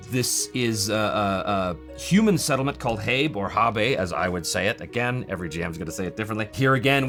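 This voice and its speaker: A man's voice: fairly low pitch, a bit bright. A man hosting a channel, casually walking through a game book with enthusiasm, rambling with many fillers and restarts. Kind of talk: casual product walkthrough.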